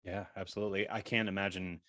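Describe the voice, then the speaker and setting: A man's voice: low-pitched, level tone, quick pace, fairly bright tone. A man interviewing an actress, with short listening replies between questions.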